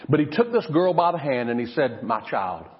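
A man preaching a sermon, swinging between loud, emphatic lines and hushed, drawn-out ones. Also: on the high side, sing-song. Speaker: pastor. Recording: lo-fi recording in a reverberant hall.

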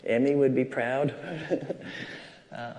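A man's voice: medium pitch, level tone, takes it slowly, a little mellow. A man preaching a sermon at a church service, telling personal stories and acting out the voices in them. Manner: storytelling, acts out quoted dialogue.

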